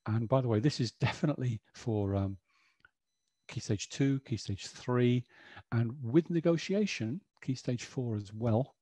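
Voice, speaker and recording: Husky, mellow man presenting. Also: medium pitch, unhurried, dry recording. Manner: chatty, explanatory, frequent "you know". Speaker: webinar presenter. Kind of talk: educational webinar talk.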